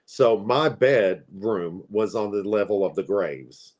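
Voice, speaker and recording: Slow and a little mellow, with a lowish voice, the man is a forty-something tarot reader from Appalachia. He tells casual stories, chatty and rambling, sprinkled with frequent fillers.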